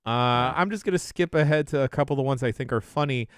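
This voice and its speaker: A man's voice: mid-range voice, fast, clear, resonant tone, no echo, studio quality. A man hosting a podcast, reading out quiz questions in a wry, casual way. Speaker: podcast host running a quiz.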